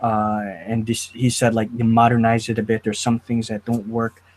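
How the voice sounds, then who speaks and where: A man hosting a casual review chat, talking in an animated, riled-up way. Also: mid-range voice, normal speed. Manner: animated, riled up, quotes lines in put-on voices. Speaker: host.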